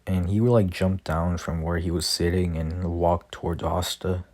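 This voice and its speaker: A young man with a deep, level voice casually retells a fan story of his own at a moderate pace, rambling with lots of fillers and restarts. He reads the character lines quietly rather than doing voices.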